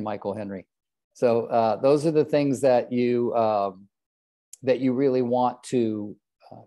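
An older man with a medium-pitched, dark-toned voice coaches real estate agents in a live group session. He jokes at his own expense and calls on trainees by name.

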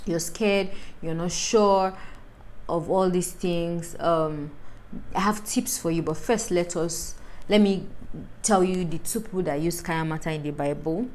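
A young woman from Northern Nigeria with a Northern Nigerian accent, talking in an animated, preachy vlog monologue full of rhetorical questions. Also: lowish voice, a little slow, slight background noise, poor audio. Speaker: lifestyle vlogger.

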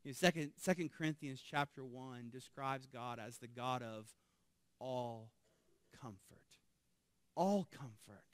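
A man, a pastor, preaching a sermon, swelling loud on key phrases and dropping soft on asides. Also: mid-range voice, unhurried, dry recording.

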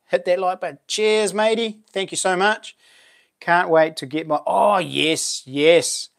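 A man with a New Zealand accent chats casually as the host of a live stream, trailing off and starting over as he talks. His voice sits a little high for a man. His tone stays friendly and easy as he thanks his viewers. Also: steady tone, measured pace, creaky. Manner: chatty, thanks viewers warmly, lots of fillers and laughs. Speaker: livestream host and knifemaker.

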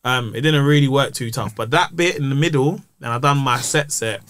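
Bright-voiced man. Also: medium pitch, fairly quick, slight background noise. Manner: animated storytelling, putting on voices in anecdotes. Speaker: guest comedian. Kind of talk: casual chat.

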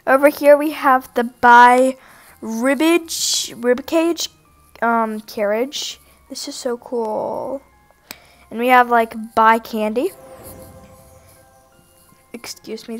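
A woman giving excited gameplay commentary to her viewers, gushing, gasping often and calling out to them constantly. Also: high-pitched. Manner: gushing, gasps often, keeps saying "you guys". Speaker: gaming video creator.

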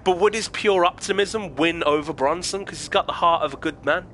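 Giggly high-pitched man chatting. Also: brisk, a crowd in the background. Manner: giggly, rambling, laughs often. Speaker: gaming streamer host. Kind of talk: casual chat over gameplay.

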